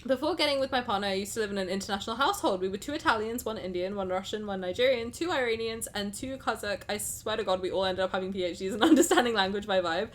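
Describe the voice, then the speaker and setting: A woman's voice: medium pitch, fast, few pauses. A young woman with a South London accent, chatting casually on a live stream and reading a game story aloud. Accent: South London English. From England. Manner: chatty, animated, giggly.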